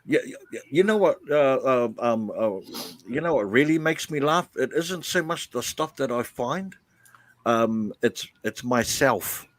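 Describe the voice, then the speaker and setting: Man, mid pitch, hesitant, lots of fillers, casual live chat, dry sound. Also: lively intonation, measured pace, dry recording. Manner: hesitant, many fillers and restarts. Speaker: guest YouTuber.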